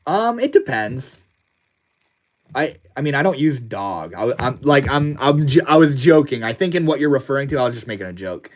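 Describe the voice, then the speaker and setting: A man's voice: medium pitch, big pitch swings, moderate pace. A man hosting a casual livestream, reading viewer comments aloud in a laid-back, slangy way. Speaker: livestream host.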